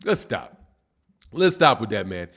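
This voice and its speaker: A man's voice: lowish voice, big pitch swings, a little slow, fairly bright tone, husky. A man hosting a live boxing stream, reading chat comments and answering them in a combative, teasing way with lots of "man" and "dog". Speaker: boxing channel host.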